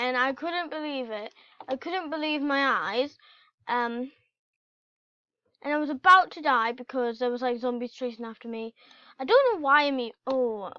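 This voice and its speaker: A woman giving casual, excitable commentary while playing a video game and chatting to her in-game pets. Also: sits high, no echo. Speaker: gameplay channel host. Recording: dull lo-fi home recording.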